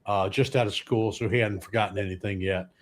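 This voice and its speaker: A man's voice: fairly low pitch, steady tone, brisk, slight background noise. A man, a guest comedian telling rambling anecdotes with dry punchlines. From Louisiana, US. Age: 60s. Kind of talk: comic storytelling on a podcast.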